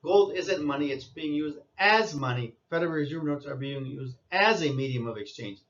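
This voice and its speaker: A man's voice: on the high side, lo-fi sound. A man giving an insistent lecturing monologue, repeating his points and scolding listeners. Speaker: commentator.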